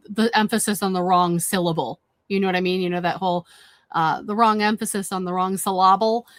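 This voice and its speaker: A woman's voice: medium pitch, no echo. A woman commenting on played clips in a conversational, repetitive way with frequent fillers.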